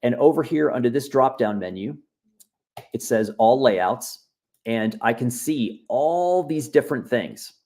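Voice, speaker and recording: A man at mid pitch teaches a software workshop over a video call. His delivery is loose and chatty, encouraging the viewers as he narrates what he clicks. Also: animated, a little slow. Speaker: workshop instructor. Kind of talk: live online software tutorial.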